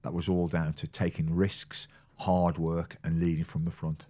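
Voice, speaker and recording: A man in his sixties with a very low, deep voice spins stories as a podcast guest. He slips into the voices of the people in his tales and laughs along as he goes. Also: little pitch movement, moderate pace, mellow. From England. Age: 60s. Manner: storyteller who acts out quoted people, laughing often. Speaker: guest, former football physio. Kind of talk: casual anecdotal chat.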